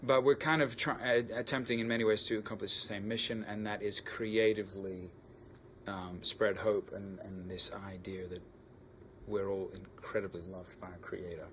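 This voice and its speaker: A man's voice: fairly low pitch, flat delivery, moderate pace, a bit bright, a little hiss or hum. An Australian man, a musician, talking through his thoughts in a casual interview with many restarts. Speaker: musician guest.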